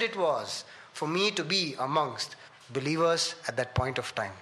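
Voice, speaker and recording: A man delivers a sermon with a high, bright voice. He tells his story with dramatic swings, rising and loud on questions, then falling to hushed, low asides. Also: lively intonation, measured pace. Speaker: preacher.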